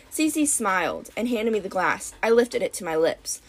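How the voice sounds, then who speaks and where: A woman narrating a story in the first person, expressive and dramatic. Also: medium pitch, normal speed, hardly any pauses. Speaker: audiobook narrator.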